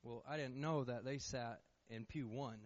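A man's voice: medium pitch, moderate pace, lo-fi sound. Young man giving earnest church testimony. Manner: earnest storytelling, frequent restarts and repeated words. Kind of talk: personal testimony told to a congregation. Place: church sanctuary.

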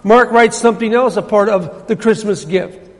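A man preaching a sermon, repeating phrases and swinging from loud emphasis to hushed, low passages. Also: moderate pace. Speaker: pastor. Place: church. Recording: long hall reverb.

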